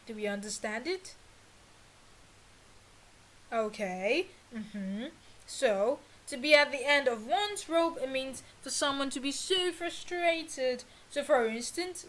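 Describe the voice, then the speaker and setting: Patient high-voiced woman teaching idioms. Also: a bit bright, low-quality recording. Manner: patient, repeats phrases for learners. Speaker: English teacher. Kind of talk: idiom lesson, slow and explanatory.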